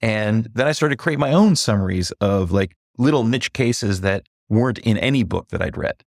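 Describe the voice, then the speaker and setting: A deep-voiced man with a gravelly, creaky edge talks as a guest on a podcast, open and reflective. The sound is close and dry, with no room around it. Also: no room sound. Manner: reflective, candid, slows to stress points and gets animated when recounting. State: briefly emotional. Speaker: executive coach, guest. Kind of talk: podcast interview.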